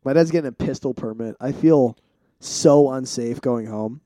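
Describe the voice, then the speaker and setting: A man's voice: medium pitch, moderate pace, warm tone, dry recording. A young man co-hosting a podcast in casual, joking chat, laughing often. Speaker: podcast co-host.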